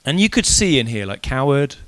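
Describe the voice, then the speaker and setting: In a brisk, medium-pitched voice, a man preaches an evening sermon at church. He sounds casual and conversational as he tells the story with animation, acting out the voices he quotes.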